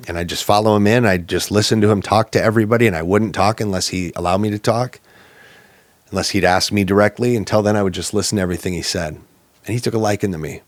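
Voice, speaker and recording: Brief: low-voiced man, plainspoken and earnest, dry close recording, personal storytelling. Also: quick pace, no room sound. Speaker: podcast guest.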